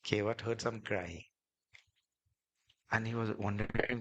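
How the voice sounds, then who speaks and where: A swami, a man, telling devotional stories in a sermon, animated and repetitive, building emphasis as he goes. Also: on the low side, measured pace, a little hiss or hum. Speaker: swami, spiritual teacher.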